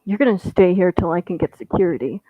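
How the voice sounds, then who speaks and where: A man's voice: high-pitched, expressive, fast, dry recording. A man voicing a stern, confrontational bystander in boots, commanding and blunt, as part of a story reading. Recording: tinny phone-like audio, dry.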